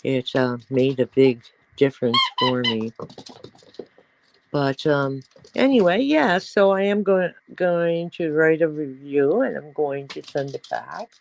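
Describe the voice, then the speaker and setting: A woman's voice: deep voice, slow pace, gravelly, slight background noise, rough recording. A middle-aged woman hosting a casual livestream, chatting in a rambling way and cooing at her pets. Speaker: livestream host.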